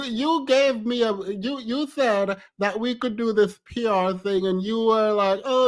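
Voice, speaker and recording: A man streaming reaction commentary on reality TV clips, exasperated and ranting, repeating words for emphasis. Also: extremely high pitch.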